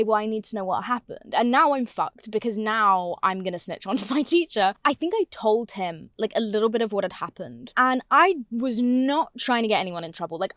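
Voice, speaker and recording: A woman's voice: mid-range voice, a bit bright, no echo, studio quality. A young woman, telling a story on her podcast in a casual, sarcastic, sweary way. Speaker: podcast host.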